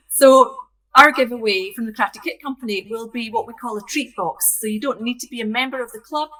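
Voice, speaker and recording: A woman's voice: a little high, moderate pace, pauses often, bright, forceful tone, low-quality recording. A woman from Scotland co-hosting a casual crafting chat from her craft room over a video call, friendly and prone to digressing. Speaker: co-host, craft kit business owner.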